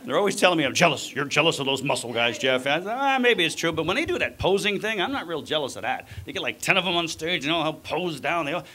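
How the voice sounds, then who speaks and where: Punchy middle-aged stand-up comic. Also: male voice, fairly high pitch, fast, few pauses. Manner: energetic, punchy, teasing the crowd. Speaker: stand-up comedian. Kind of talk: live stand-up comedy. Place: comedy club stage with live audience. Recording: live club audio with audience noise.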